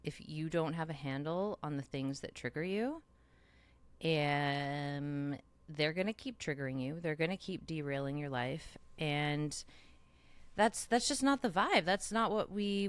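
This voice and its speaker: A woman co-hosting a podcast, speaking earnestly and encouragingly, and often affirming her co-host. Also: low-pitched. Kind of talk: casual podcast chat.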